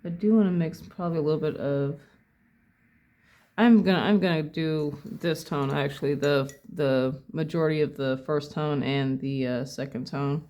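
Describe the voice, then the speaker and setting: At a home desk, a painting instructor casually talks through each brushstroke in a step-by-step demo, thinking aloud and correcting themself along the way. The voice is medium-pitched and darkish, with fairly even intonation and a moderate pace.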